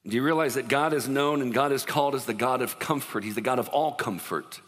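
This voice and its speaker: A man preaching a sermon as pastor, in an animated, conversational way, acting out what people say. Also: medium pitch, a little fast, long reverb tail.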